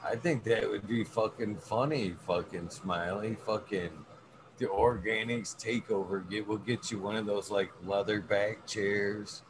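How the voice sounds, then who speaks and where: A man's voice: fairly low pitch, steady tone, unhurried. A middle-aged man chatting casually as a podcast co-host, laid-back, swearing a lot and laughing often. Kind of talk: casual chat. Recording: noisy room ambience.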